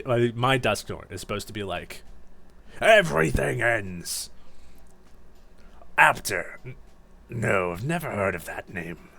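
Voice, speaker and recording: A man's voice: lowish voice, a bit bright. A man giving casual, rambling commentary while streaming a game, laughing at himself. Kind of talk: casual let's-play commentary.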